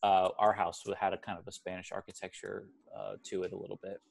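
Young male podcast co-host, low-pitched, chatty and rambling. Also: monotone, fast, creaky. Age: 20s. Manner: rambling, self-correcting, chatty. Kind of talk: casual movie podcast chat.

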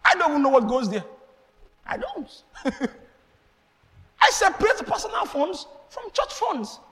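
Animated high-voiced male preacher. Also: measured pace, long reverb tail. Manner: animated preaching with acted exchanges and laughter. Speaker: pastor. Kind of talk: sermon.

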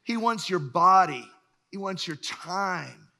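A middle-aged man preaching a sermon, telling stories with lively acted-out voices and frequent chuckles. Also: high-pitched, slow. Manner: animated storyteller, acts out voices, chuckles often. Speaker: pastor.

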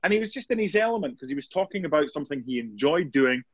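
A man's voice: on the high side, very animated, fast, slightly rough, no room sound. A man, a sports reporter guest telling anecdotes in a casual interview, with many restarts. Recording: dull dry lo-fi sound.

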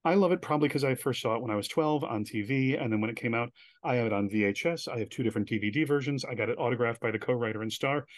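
A man as an interview guest, telling animated stories and acting out the voices of people he quotes. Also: medium pitch, very fast, few pauses, no echo, studio quality. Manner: animated storyteller who acts out quoted voices. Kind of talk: casual storytelling interview.

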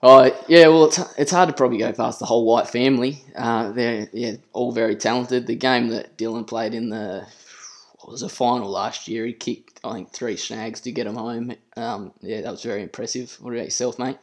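A young Australian man co-hosting a casual podcast, telling a childhood story in a relaxed, easygoing way. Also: mid-range voice, normal speed. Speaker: podcast co-host.

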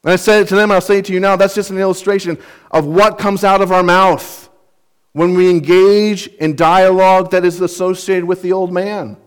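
A man's voice: high voice, flat delivery, moderate pace, smooth. A man preaching an expository sermon, earnest and emphatic, explaining word meanings and putting rhetorical questions to his listeners. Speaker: pastor.

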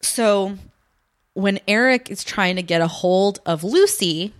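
A woman's voice: mid-range voice, slow pace. A young woman co-hosting a podcast, casually recapping a TV show in a rambling, chatty way. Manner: chatty, rambling, laughs often. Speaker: podcast co-host.

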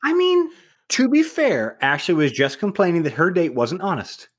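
A man hosting a casual chat, joking and reacting quickly. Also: sits high, big pitch swings, slightly rough.

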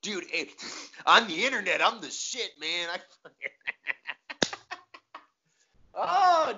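A man's voice: on the high side, measured pace, long pauses. A young man, chatting casually and profanely as a comedian co-host, slipping into mocking voices. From Metro Detroit area. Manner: profane, animated, mocks locals in exaggerated voices. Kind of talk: casual chat. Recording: lo-fi dull audio.

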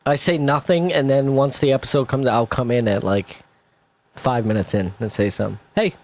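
A man's voice: medium pitch, steady tone, brisk, darkish tone. A young man co-hosting a podcast, teasing his partner with crude jokes in casual chat. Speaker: podcast co-host.

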